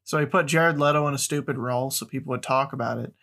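A man's voice: medium pitch, quick pace, gravelly, a bit bright. A man hosting a casual movie podcast, rambling bluntly with frequent restarts. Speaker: podcast host.

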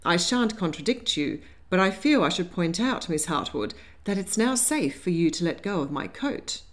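A woman voicing a composed, dryly amused young Regency gentleman in an audiobook. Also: fairly low pitch, lively intonation, moderate pace, natural voice. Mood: wry. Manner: wry, teasing, composed.

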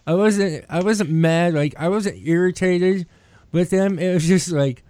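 A man's voice: high-pitched, unhurried, warm tone, clear, resonant tone, dry recording. A man, hosting a podcast and telling a rambling, profane story. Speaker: podcast host. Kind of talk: casual chat.

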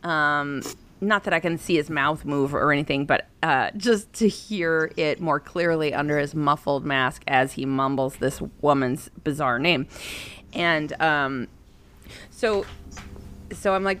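A woman's voice: low voice, measured pace, fairly bright tone, smooth. A woman in her thirties casually telling a personal story, rambling and profane, with an exasperated tone.

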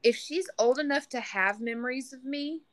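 A woman's voice: high-pitched, moderate pace, fairly bright tone. A single mother talking earnestly in a podcast conversation, often restarting her sentences. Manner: earnest, frequent restarts and "you know".

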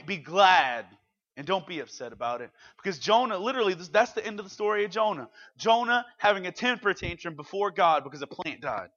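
A man's voice: high voice, bright, forceful tone, muffled recording. A man in his thirties preaching a casual youth sermon, speaking conversationally and animatedly and acting out the quotes. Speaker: youth pastor.

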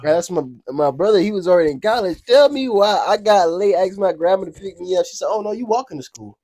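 A young man in casual chat, telling childhood stories in an animated way, laughing often and acting out quoted voices. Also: sits high, fast. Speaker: storyteller.

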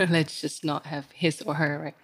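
Telling stories on a casual podcast, a low-voiced woman speaks at a measured pace and grows animated when she quotes others.

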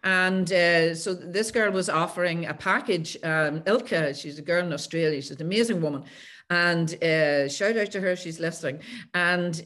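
A woman's voice: lowish voice, a bit bright. A woman coach, a podcast guest telling her own stories with animation and acting out past conversations. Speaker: guest, coach who works with clients. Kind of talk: podcast interview storytelling.

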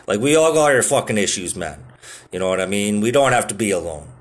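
A man's voice: lowish voice, expressive, brisk. A man in his thirties telling stories in a casual, rambling monologue, full of swearing and filler words. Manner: laid-back, swears a lot, lots of filler words.

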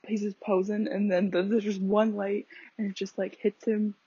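A woman's voice: medium pitch, little pitch movement, normal speed, dark tone, husky, no echo. A young woman hosting a casual podcast, rambling chattily with lots of fillers and laughing at herself. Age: young adult. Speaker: podcast host. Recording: dull lo-fi home recording.

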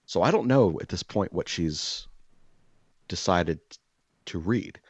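Deep-voiced man telling a story. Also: takes it slowly, long pauses, slightly rough, dry recording. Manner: animated, profane, acts out dialogue. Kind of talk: personal storytelling monologue. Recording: dull, dry lo-fi sound.

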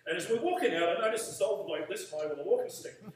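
A man's voice: high-pitched, animated, fast. A man preaching, telling a story and leading prayer, acting out the dialogue. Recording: echoey room from far off.

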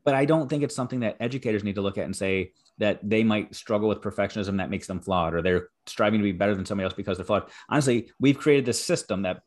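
A man's voice: on the low side, fast, hardly any pauses. Earnest, encouraging male podcast host. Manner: earnest, motivational, builds up to emphatic praise. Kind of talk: encouraging interview talk.

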